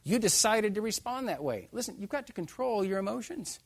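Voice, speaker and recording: A man preaching a sermon, emphatic and animated, joking with his listeners. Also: sits high, brisk, creaky, breathy edge, dry recording. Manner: emphatic, animated, jokes with the congregation.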